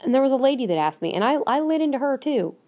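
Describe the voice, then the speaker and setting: This woman talks fast in a high, warm, sing-song voice. Hosting her own podcast from Minnesota, she delivers a solo rant that is blunt, emphatic, and full of repeated points.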